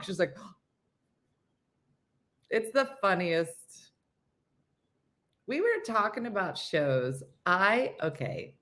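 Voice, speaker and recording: A woman's voice: mid-range voice, very animated, slow, long pauses, a bit bright. A woman hosting a casual morning chat show, rambling through stories, laughing at them and losing her train of thought.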